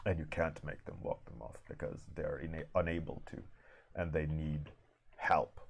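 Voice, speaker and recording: A man streaming an art warmup and chatting casually with his live audience, telling stories in an easygoing, unhurried way. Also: a bass voice, fairly even intonation, creaky, slight background noise. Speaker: artist streaming a warmup session.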